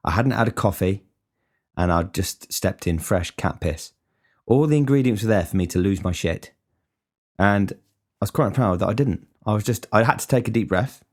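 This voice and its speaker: Deep-voiced sweary man. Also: moderate pace. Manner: ranting, sweary, chatty. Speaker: cook. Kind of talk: casual monologue.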